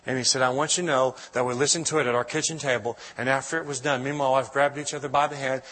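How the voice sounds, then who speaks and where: A man's voice: medium pitch, steady tone, quick pace, fairly bright tone. A middle-aged man, preaching as a guest in church and telling an emotional testimony with many restarts. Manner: emotional, storytelling, with frequent restarts. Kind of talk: sermon testimony. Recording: long hall reverb.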